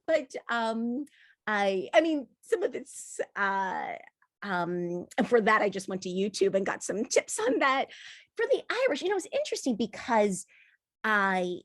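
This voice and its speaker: A woman's voice: mid-range voice, very animated, measured pace, no echo, clean studio sound. A woman author talking in an interview, thoughtful and laughing often, with frequent restarts. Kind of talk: conversational interview.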